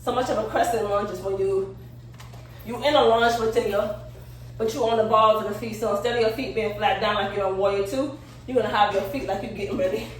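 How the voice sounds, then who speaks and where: A woman's voice: medium pitch, steady tone, brisk. Breathless woman vlogger in an echoey room. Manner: laughing often, chatty, informal. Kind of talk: casual vlog demonstration. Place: room indoors, demonstrating yoga poses. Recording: very echoey room, somewhat far from the mic.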